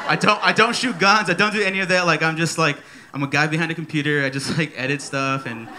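A man in his thirties preaching a sermon at a church service, energetic and playful, repeating his key phrases. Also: a little high, fast talker. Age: 30s.

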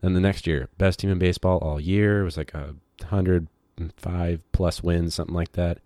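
Low-voiced rambling male teacher. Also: steady tone, brisk, few pauses, mellow, no room sound, studio quality. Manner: rambling, digressive, many fillers. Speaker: high school teacher. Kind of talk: casual podcast monologue.

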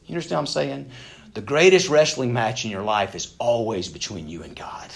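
A man preaching a sermon in a conversational way, swinging from loud, pressing emphasis to hushed, near-whispered asides. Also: mid-range voice, brisk, vocal fry. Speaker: pastor.

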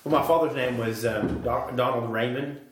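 A man's voice: mid-range voice, fairly even intonation, moderate pace, background noise. Man, southern accent, casual podcast co-host, drawling, echoey room. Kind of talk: casual chat. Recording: roomy echo.

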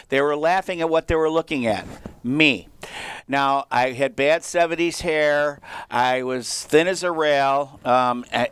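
A man in his sixties, a teacher, telling animated stories in casual chat in a radio studio and laughing often. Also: fairly high pitch, smooth, no room sound. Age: 60s. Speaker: radio show guest teacher. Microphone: studio microphone.

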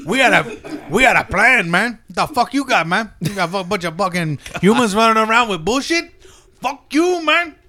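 A man putting on the voice of a crazed, foul-mouthed male Cylon as a comic improv bit on a casual podcast. He is profane and brash, ends his lines with "man" and bursts into shouts. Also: high-pitched, animated, drawn-out words, heavily acted.

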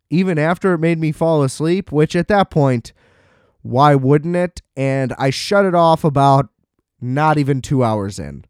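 A man's voice: mid-range voice, darkish tone, no echo, clean studio sound. A young man giving a casual, sarcastic movie recap, swearing and laughing often.

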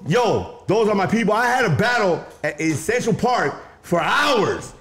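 A middle-aged man talking in a rambling, animated way as the guest of a street interview, slipping into rhymes and Spanish asides. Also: sits high, normal speed.

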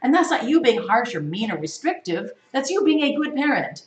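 A woman leads a church Bible study in a forceful, sermon-like teaching style packed with rhetorical questions. Her voice sits high and sing-song and moves fairly quickly, while the room is echoey and the microphone far away.

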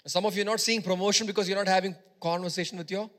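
A man preaching a sermon, repeating phrases for emphasis and swinging between loud exhortation and quieter teaching. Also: high-pitched, fairly even intonation, very fast.

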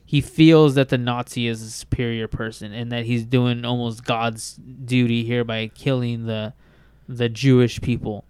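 A man's voice: mid-range voice, little pitch movement, a little slow, a little mellow, smooth, no room sound. Enthusiastic man rambling in casual chat. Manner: enthusiastic, rambling, heavy use of "like". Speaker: podcast co-host.

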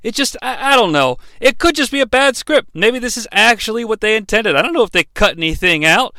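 A man hosts a comedic movie review, sarcastic and rambling, with plenty of swearing. His voice sits high and sounds bright and sharp. It is recorded dry and close, with no room sound. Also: lively intonation, brisk, dry recording. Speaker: host of a bad-movie review show.

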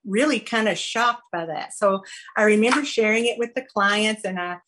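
A woman giving a personal recovery testimony, earnest and halting, with many fillers and restarts. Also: medium pitch, fairly bright tone, poor audio. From American South. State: briefly choked up. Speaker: recovery program speaker sharing her story.

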